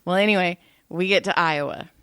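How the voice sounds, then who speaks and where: Brisk and lowish, her smooth voice comes through in studio quality with no echo. She's a podcast co-host in her thirties, swearing freely and laughing through lively stories in casual chat.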